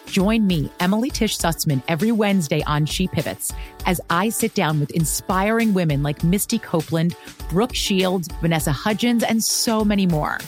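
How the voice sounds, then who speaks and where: A woman host reading a scripted promo for her podcast in a measured, earnest way. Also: on the low side, soft background music.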